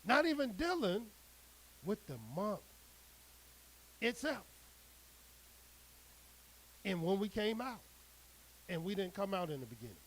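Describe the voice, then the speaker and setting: Slow, deliberate male preacher reading scripture and pressing each point with emphasis. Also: sits high, very animated, low-quality recording. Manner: emphatic, drawn-out preaching cadence.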